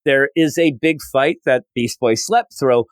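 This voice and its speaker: A man hosting a comics podcast, recapping a story with animated storytelling and acted-out quotes. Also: medium pitch, a little slow, clear, resonant tone, no room sound. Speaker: podcast host. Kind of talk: casual comic review recap.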